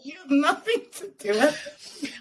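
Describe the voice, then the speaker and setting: A woman's voice: high-pitched, very animated, unhurried, heavy background noise. A woman hosting a casual podcast chat, telling candid stories with frequent laughter. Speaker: podcast host.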